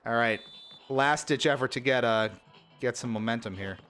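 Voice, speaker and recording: This is livestream gameplay commentary: a man with a mid-range voice, at a moderate pace, calls a sports video game with exasperated, animated play-by-play. He lets out frustrated outbursts over teammates missing easy shots, while faint music plays.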